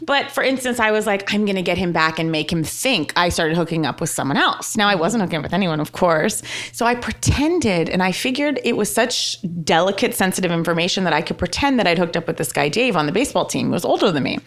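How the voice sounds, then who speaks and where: Animated woman telling a self-mocking story. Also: on the low side, fast, hardly any pauses. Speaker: podcast co-host. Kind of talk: casual storytelling chat.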